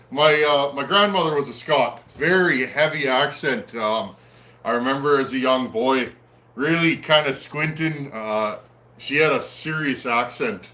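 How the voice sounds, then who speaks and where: A man hosting a casual livestream, reading out viewer comments and chatting in a friendly, easygoing way with frequent pauses. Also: on the high side, sharp tone. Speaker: host of a livestream on chainsaw repair. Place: at home in a snowy area.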